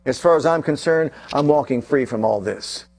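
A man preaching a sermon with passion, swinging between loud bursts and hushed, drawn-out lines. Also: mid-range voice.

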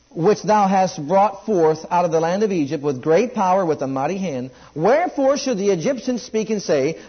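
Husky high-voiced preacher man. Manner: rising and falling preaching cadence, drawn-out scripture readings. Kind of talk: sermon. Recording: muffled lo-fi sermon recording.

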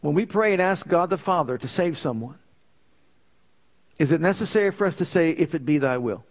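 Male preacher, emphatic sermon delivery, slightly high pitch. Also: animated, a little fast. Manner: earnest, emphatic storytelling preaching.

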